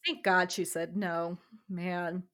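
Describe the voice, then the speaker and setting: A young woman co-hosting a casual podcast, bubbly and quick to laugh while recapping a reality show. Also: on the low side, flat delivery, fairly bright tone. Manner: bubbly, laughs often, many fillers. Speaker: podcast co-host.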